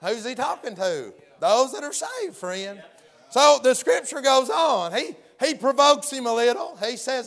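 A man's voice: extremely high pitch, big pitch swings, normal speed, fairly bright tone. A man preaching a folksy sermon, often hollering and acting out the story's characters.

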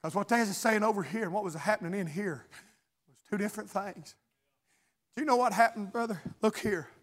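A man preaching a sermon, swinging between shouted, chanted lines and hushed storytelling. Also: high voice, fairly quick.

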